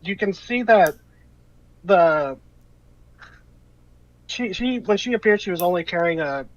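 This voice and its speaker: Man, game master, rambling narration, slightly high voice, muffled lo-fi voice chat. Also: animated, a little slow, no room sound. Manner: rambling, hesitant, many fillers.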